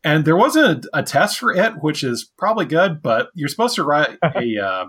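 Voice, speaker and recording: A man co-hosting a podcast in casual chat, cracking deadpan jokes and restarting his sentences. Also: fairly high pitch, moderate pace, breathy edge. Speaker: podcast co-host.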